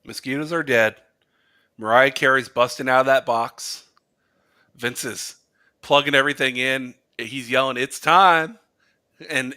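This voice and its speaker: A man co-hosting a casual sports podcast, animated and joking, who swears casually. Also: mid-range voice. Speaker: podcast co-host.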